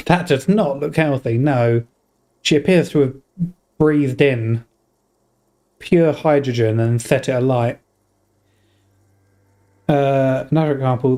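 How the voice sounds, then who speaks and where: A man's voice: mid-range voice, fairly even intonation, slow, pauses often, darkish tone. A young man streaming a game, chatting casually with viewers, rambling and laughing often. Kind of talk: casual gaming commentary.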